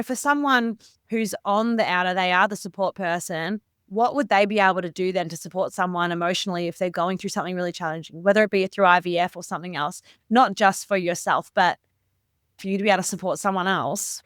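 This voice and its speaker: A woman host, asking long, gently rambling questions and affirming her guest. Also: on the low side, steady tone, fairly quick, clear, resonant tone, dry recording, clean studio sound. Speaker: podcast host. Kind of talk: interview conversation.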